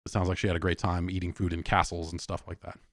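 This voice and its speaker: A man's voice: sits low, level tone, quick pace, fairly bright tone. A man hosting a podcast, talking casually over a video call, rambling with frequent restarts. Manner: rambling, hesitant, many restarts. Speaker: podcast host. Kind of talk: casual chat.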